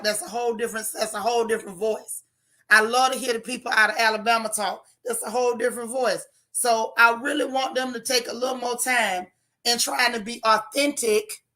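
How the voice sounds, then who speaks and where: A woman's voice: fairly high pitch, pushed and bright. A woman with a Florida accent hosting a casual livestream, reading viewer comments and repeating her points with emphasis.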